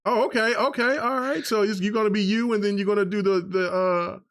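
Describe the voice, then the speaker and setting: A man's voice: sits high, fairly even intonation, brisk, fairly bright tone. A man hosting a gaming podcast in loose, rambling casual chat, full of filler phrases. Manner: loose and rambling, full of "you know what I'm saying". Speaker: podcast host.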